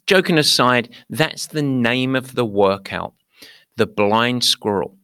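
Man as running coach and podcast host, chatty storyteller, middle-pitched, dry close mic. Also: no echo. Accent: not American. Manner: lively storyteller, talks to listeners directly. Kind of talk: podcast monologue.

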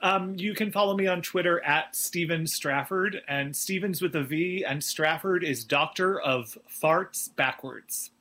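A middle-aged man chatting as a podcast guest, animated and giggly, with rambling answers. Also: on the high side, unhurried, hardly any pauses. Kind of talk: casual interview chat.

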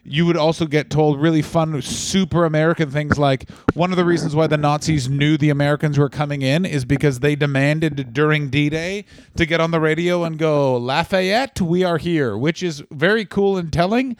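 A man with a fairly high voice co-hosts a comedy podcast and spins sardonic, rambling rants full of swearing. He is recorded close on a dry mic with no echo. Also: moderate pace. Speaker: podcast co-host. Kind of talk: casual comedic chat.

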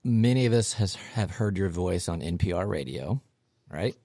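A man co-hosting a comedy podcast, joking with his guest. His voice is deep and gravelly, swinging widely in pitch as he talks. It sounds dry and close to the mic. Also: normal speed, dry recording. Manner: joking, animated. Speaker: podcast co-host. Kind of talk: casual chat.

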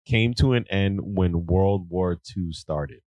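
A man's voice: deep voice, takes it slowly, a little mellow, no room sound. A man hosting a podcast, casually telling a story and laughing often. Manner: laughs a lot, storytelling with acted quotes. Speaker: podcast host. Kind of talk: casual comedic chat.

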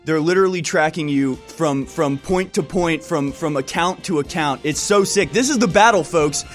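A man's voice: fairly high pitch, moderate pace, faint music behind. A man hosting a talk show, asking long rambling questions with emphasis. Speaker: show host.

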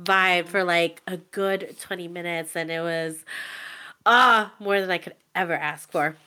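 A young woman co-hosting a podcast, telling an excitable story in casual chat, full of "like" and laughter. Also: lowish voice, measured pace, clear, resonant tone. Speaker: podcast co-host.

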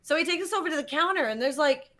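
Brief: woman guest, high bright voice, animated storyteller, salty language. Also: very fast. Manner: animated, swearing, acts out quotes. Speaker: guest geologist. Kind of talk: casual storytelling.

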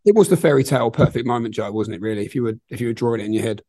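A man's voice: medium pitch, warm tone, no echo. A man hosting a podcast, asking friendly, casual questions of a boxer. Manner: quick, friendly questioning, calls people mate. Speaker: podcast host, interviewer. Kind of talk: casual interview chat.

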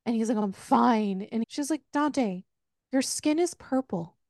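Woman on a podcast, kinda high voice, super dry close sound, acts out all the lines. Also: a little slow, no echo. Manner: animated retelling, acting out dialogue. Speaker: podcast co-host. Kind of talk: casual book discussion.

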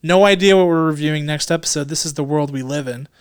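A man co-hosting a podcast in casual chat, joking and rambling, sometimes dropping into quick low mutters. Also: smooth, no echo, studio quality. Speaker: podcast co-host.

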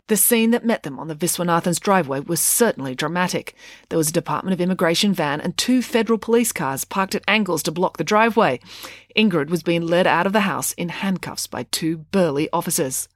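A woman narrating an audiobook with expressive storytelling. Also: on the low side, no room sound, studio quality. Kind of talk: scripted narration.

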